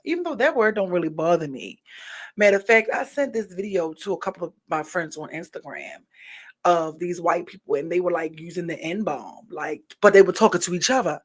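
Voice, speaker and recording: A woman's voice: on the low side, fairly quick, breathy edge. Candid, rambling woman vlogger. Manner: candid, rambling, opinionated, with many fillers. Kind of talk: casual opinion monologue.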